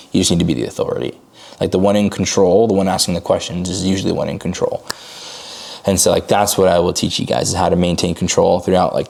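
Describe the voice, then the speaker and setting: A man coaching on a sales call, his voice low and gravelly. He talks fast and loose, with "like" in every sentence, and jumps into lively bursts when he acts out a cold call. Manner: fast casual talk full of "like" fillers; acts out calls with sudden bursts of high energy.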